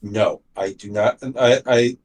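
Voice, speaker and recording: A man's voice: on the low side, steady tone, slow, darkish tone, recorded from a distance. A man co-hosting a talk show, chatting casually in a hesitant, stammering way. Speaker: podcast co-host. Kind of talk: casual chat.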